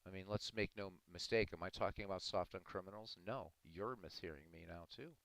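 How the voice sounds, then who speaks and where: A man's voice: low voice, brisk, creaky, a bit bright, no echo, low-quality recording. A man hosting a live stream, earnestly arguing his views and answering viewers in chat by name. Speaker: livestream host talking to chat. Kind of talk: casual live-stream commentary.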